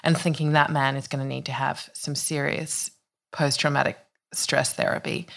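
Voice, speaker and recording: A woman hosting a conversational interview, speaking reflectively and at a measured pace. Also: rumbling low, little pitch movement, creaky, a bit bright.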